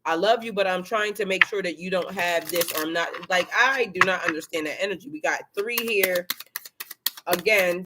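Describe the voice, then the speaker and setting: A tarot reader doing a casual live card reading, excitable and chatty, swearing freely and talking to viewers and a helper. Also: mid-range voice, normal speed, background noise. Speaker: tarot reader and spiritual coach.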